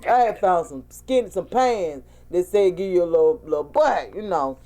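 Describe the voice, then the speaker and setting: A woman, co-hosting a casual chat and telling lively, animated stories. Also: fairly low pitch, moderate pace. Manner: animated storytelling, acts out quotes. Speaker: co-host.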